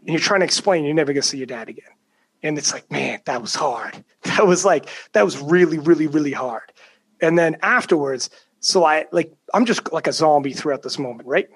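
A man's voice: fairly high pitch, lively intonation, brisk, breathy edge. A young adult man telling a personal story in casual chat, emphatic and profane, often acting out what others said. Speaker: guest storyteller.

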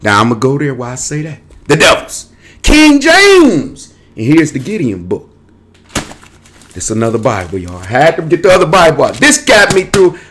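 A man's voice: medium pitch, sing-song, brisk, fairly bright tone, husky. A man hosting his own show, delivering a rambling, digressive monologue to camera in a streetwise, casual way. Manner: digressive, restless, jumps between topics; streetwise, casual speech with cursing. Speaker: show host.

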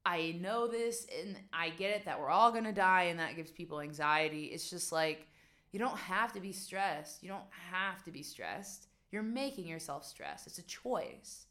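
A woman's voice: fairly low pitch, animated, fairly quick, fairly bright tone. A young woman from West Virginia, talking casually to camera as a vlogger and coach, emphatic and chatty with many rhetorical questions. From West Virginia, USA. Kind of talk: casual advice monologue.

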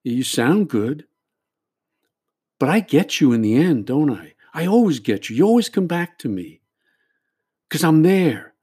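Man doing the bottle as a patient, mocking tempter, low warm voice. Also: big pitch swings, unhurried, long pauses, husky, heavily acted. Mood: taunting. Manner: mocking, coaxing, repeats tag questions. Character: taunting, patient voice of the bottle, an addiction personified.

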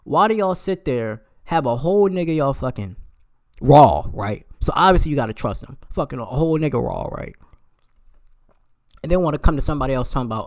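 A young man delivers a heated, profane rant in a casual register, firing off rhetorical questions. His voice sits at a middle pitch for a man. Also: expressive, brisk.

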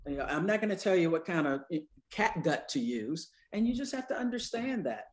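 A woman in her sixties, an anesthesiologist and speaker, telling stories in an interview with humor and lively quoted voices. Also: fairly low pitch, brisk. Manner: lively, acts out quoted people with voice changes; humorous, conversational. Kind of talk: storytelling in an interview.

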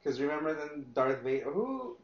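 A man's voice: on the high side, sing-song, normal speed. A man co-hosting a casual podcast, laid-back and joking. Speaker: podcast co-host. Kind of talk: casual chat. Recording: echoey room, dull lo-fi sound.

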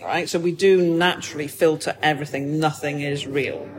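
Man, high-pitched, casual podcast chat, animated, acts out scenes. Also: normal speed, hardly any pauses, a crowd in the background.

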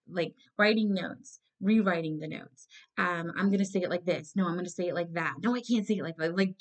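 A woman's voice: fairly low pitch, vocal fry. A woman giving a casual tarot reading to her viewers, blunt and emphatic, swearing freely and repeating her points. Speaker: tarot reader.

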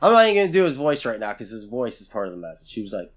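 A man's voice: mid-range voice, very animated, rapid-fire. A man co-hosting a podcast, swearing freely and rambling loosely in casual chat. His voice sits in an ordinary middle register. The recording is a bit muffled and lo-fi. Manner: profane and blunt, rambling. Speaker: podcast co-host.

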